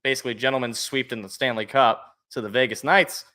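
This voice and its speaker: Man, sports podcast host, casual and joking, mid-pitched, thinks on the fly. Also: a little fast. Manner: animated, jokey, thinks aloud. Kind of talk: casual chat.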